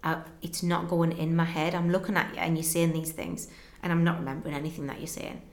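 A young woman with a fairly low voice tells a personal story with emotional earnestness. She replays conversations in quick back-and-forth, and the recording carries a roomy echo. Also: fairly even intonation, a little mellow. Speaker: guest telling her story.

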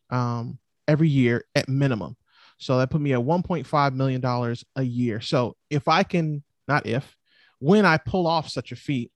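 A man speaking as a guest in a casual interview, explaining his investing plans in an animated, storytelling way. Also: mid-range voice, no room sound. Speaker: real estate investor guest.

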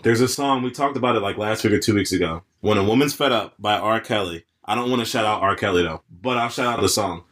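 A young man co-hosting a podcast in casual chat, laid-back and quick to laugh, with long rambling asides. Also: fairly low pitch, fairly bright tone. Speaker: podcast co-host.

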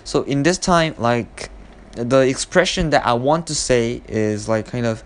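Man explaining English in halting learner speech. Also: mid-range voice. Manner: explains slowly with hesitant fillers and acted-out example quotes; non-fluent learner's English grammar. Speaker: host of an English expression podcast. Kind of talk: casual spoken English lesson.

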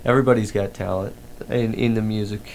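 A man's voice: on the low side, steady tone, brisk, darkish tone, a little hiss or hum. A man hosting a podcast in casual chat, rambling with lots of fillers and restarts. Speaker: podcast host.

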